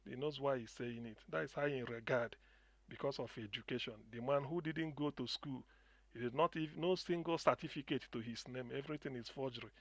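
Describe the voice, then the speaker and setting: A man's voice: medium pitch, a little fast, no room sound. A middle-aged Nigerian man calling in, speaking passionately with many restarts and repetitions. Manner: impassioned, repetitive, restarts often. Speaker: caller. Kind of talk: passionate call-in commentary.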